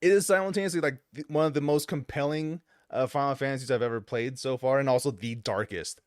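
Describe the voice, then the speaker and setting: A man's voice: mid-range voice, quick pace, no echo, clean studio sound. A man co-hosting a podcast, retelling a video game story in casual chat and acting out the characters' lines with frequent laughs. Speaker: podcast co-host.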